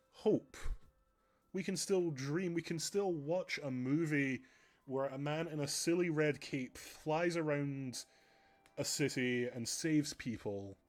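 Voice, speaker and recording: A man's voice: a little high, a little mellow. A man chatting earnestly on a stream, rambling with frequent restarts.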